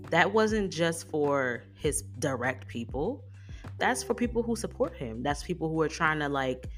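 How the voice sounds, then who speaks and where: Woman, podcast host, low deep voice, animated, rhetorical questions, faint music underneath. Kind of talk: solo podcast commentary.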